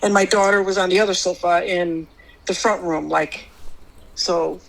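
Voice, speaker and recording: A middle-aged woman guest telling a personal experience on a podcast, rambling, restarting often, and jumping higher when she quotes others. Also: fairly even intonation, normal speed, creaky, poor audio. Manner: rambling, full of restarts, jumps high when quoting others.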